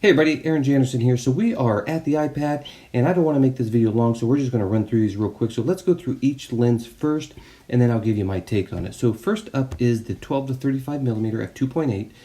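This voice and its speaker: A man hosting a photography video, walking briskly through his shots and giving his opinions. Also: mid-range voice, mellow. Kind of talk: casual review talk. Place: indoors at a tablet.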